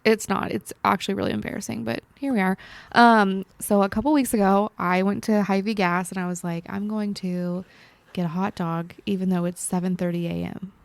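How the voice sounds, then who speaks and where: A young woman co-hosting a podcast, chatting casually and telling embarrassing stories about herself with lively, self-mocking energy. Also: mid-range voice, a little fast, gravelly, no room sound. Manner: animated, self-deprecating storytelling. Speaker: podcast co-host. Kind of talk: casual chat and anecdote. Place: library recording room.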